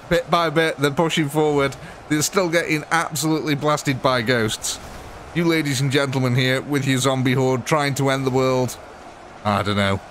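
Chatty British gaming streamer. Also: male voice, medium pitch, fairly bright tone, a little hiss or hum. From Britain. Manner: jokey, chatty, replies to chat. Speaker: livestream host. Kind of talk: live gaming commentary.

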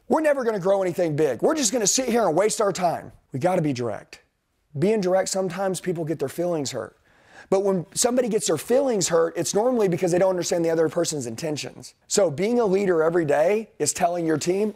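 Blunt, intense sales coach. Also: male voice, high voice, expressive, a little fast, warm tone. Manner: blunt, intense, direct, preaching to the room. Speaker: sales trainer. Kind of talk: motivational training talk to a group.

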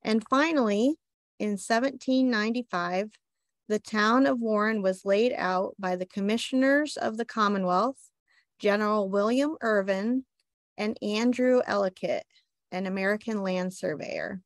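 Steady, informative woman presenting local history. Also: medium pitch, unhurried, no echo. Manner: steady, informative delivery with light self-deprecating asides. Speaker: library reference assistant.

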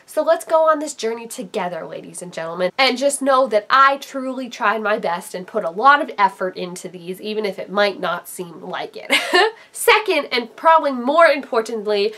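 A woman's voice: high voice, expressive, normal speed, pushed and bright. A woman YouTuber in casual vlog talk, chatty, rambling and self-deprecating.

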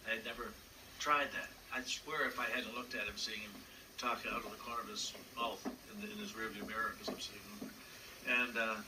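A puppeteer telling stories in an interview, with a hesitant delivery full of fillers and acted-out voices. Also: male voice, on the low side, steady tone, a little fast. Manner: hesitant, frequent fillers, acts out voices in anecdotes. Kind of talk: storytelling interview. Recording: distant mic with background noise.

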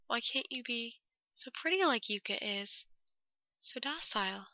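A woman voicing a creepy young man who speaks quietly and smugly, putting people down. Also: on the high side, animated, unhurried, no echo, exaggerated voice. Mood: quiet, condescending. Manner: quiet, smug and cutting.

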